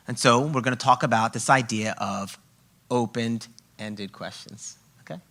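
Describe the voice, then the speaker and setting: A man's voice: mid-range voice, sharp tone. A man presenting a parenting workshop to a live audience, speaking emphatically and often checking in with "okay?" and "right?".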